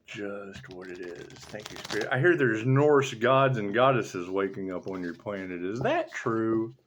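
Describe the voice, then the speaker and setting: In a voice on the low side at normal speed, a tarot reader rambles through a casual, sardonic, profane spiritual rant, one thought spilling into the next. There's slight background noise.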